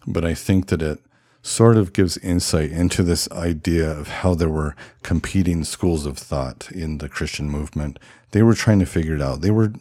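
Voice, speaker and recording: A man's voice: a bass voice, dark tone, no echo, studio quality. A man talking in a reflective, thoughtful monologue, hedging and musing aloud as he explains ideas. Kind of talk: reflective monologue on religious history.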